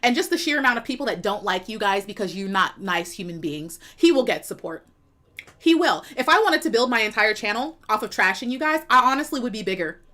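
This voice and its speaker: A woman's voice: mid-range voice, expressive, brisk, sharp tone. A young woman streamer giving a sassy, emphatic commentary rant in a casual tone. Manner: sassy, emphatic, laughs and repeats herself.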